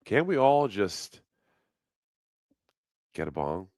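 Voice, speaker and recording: A man's voice: lowish voice, sing-song, slow, darkish tone, dry recording. A man hosting a casual live stream, rambling and swearing freely, often breaking into laughter. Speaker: livestream host.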